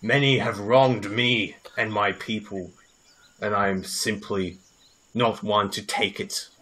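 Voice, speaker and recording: A brooding warrior bent on vengeance, as a man puts him on. He speaks low and slow with cold menace, and his tone is bright and forceful. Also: low-quality recording. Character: vengeful brooding male warrior seeking power.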